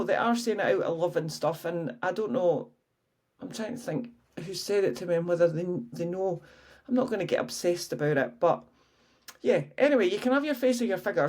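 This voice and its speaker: A woman's voice: medium pitch, a little mellow. A woman in her early fifties, a fitness coach chatting frankly and casually on her own podcast, swearing freely. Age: 50s. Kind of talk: casual solo podcast chat.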